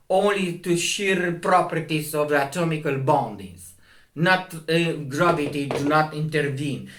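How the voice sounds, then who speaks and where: A man with a Romanian accent, a video host giving a slow, emphatic, argumentative commentary monologue, his pitch jumping up when scornful. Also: a bit bright. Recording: echoey room.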